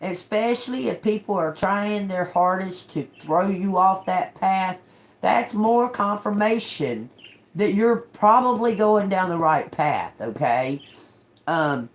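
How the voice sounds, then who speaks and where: A woman's voice: mid-range voice, expressive, slow pace. A woman giving a casual tarot reading to her viewers, blunt and emphatic, cursing freely and often checking in with "okay?". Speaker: tarot reader.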